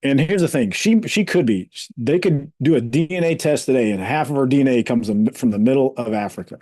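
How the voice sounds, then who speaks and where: A man co-hosting a podcast, talking politics in a heated, incredulous way with drawn-out emphasis. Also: medium pitch, mellow, no echo. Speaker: podcast co-host. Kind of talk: casual political chat.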